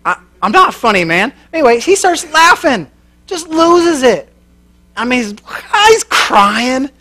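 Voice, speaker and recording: A man with a rather high voice preaches to a church crowd. He tells his story in a loose, folksy way, cracks jokes and laughs at his own lines. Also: very animated, unhurried, bright, forceful tone. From American Midwest. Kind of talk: sermon with storytelling.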